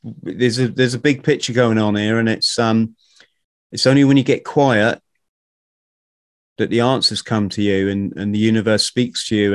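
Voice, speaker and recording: A man hosting a podcast, talking in an animated, ranting way and swearing casually. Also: on the low side, dry recording, studio quality. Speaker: podcast host.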